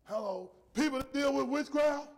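High-voiced preacher man in a reverberant hall. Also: moderate pace, vocal fry. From rural area. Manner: emphatic preaching, swings between shouting and soft low asides. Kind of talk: sermon.

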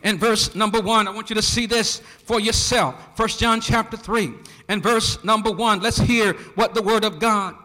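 Preacher, male, very high bright voice, rhythmic call-and-response delivery, church with long reverb. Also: fairly even intonation, normal speed. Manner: rhythmic, rising to shouts, quizzing the congregation. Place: church sanctuary.

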